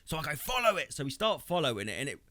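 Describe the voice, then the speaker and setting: Animated man telling a story. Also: a little high, rapid-fire. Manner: animated, swearing, acts out quoted voices. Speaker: podcast co-host. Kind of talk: casual comedic storytelling.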